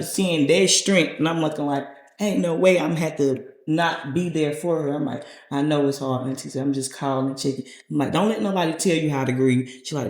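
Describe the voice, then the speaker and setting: A young man speaking earnestly and haltingly as a podcast guest. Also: a little high, darkish tone. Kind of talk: casual podcast conversation. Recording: echoey room.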